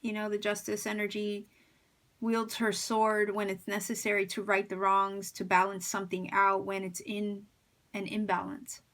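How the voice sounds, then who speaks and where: A woman's voice: mid-range voice, monotone, normal speed, a bit bright. A woman with a slight lisp giving a pick-a-card tarot reading, musing and hesitant, with many fillers and restarts. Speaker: tarot reader.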